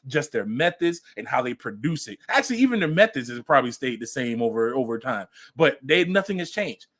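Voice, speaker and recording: A man's voice: mid-range voice, a bit bright. Man hosting a commentary show, emphatic. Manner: emphatic, repeats phrases for effect. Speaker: podcast host. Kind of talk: casual commentary vlog.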